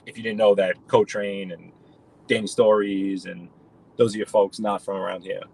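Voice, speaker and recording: A man's voice: lowish voice, flat delivery, moderate pace, creaky, a little mellow, poor audio. Chatty New man talking while driving. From New York. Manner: rambling, chatty, addresses viewers by name. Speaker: live-stream host. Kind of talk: casual chat while driving. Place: in a car.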